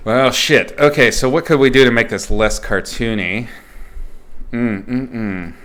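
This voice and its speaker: On a livestream, a man teaches art in a loose, playful way, joking and swearing as he rambles along with fillers and restarts. His voice is medium-pitched and fairly bright, and he never seems to hurry.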